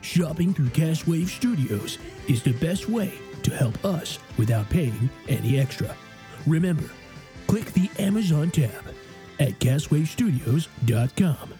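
A man putting on the smooth voice of a male countdown radio host to read a mock commercial. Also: fairly high pitch, animated, a little slow, mellow, faint music behind. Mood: announcer-smooth.

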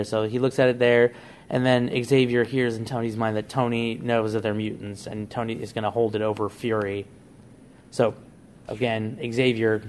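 A man's voice: darkish tone, a little hiss or hum. A man hosting a casual podcast, eagerly laying out story ideas step by step. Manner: enthusiastic storyteller, pitching plot ideas. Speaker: podcast host.

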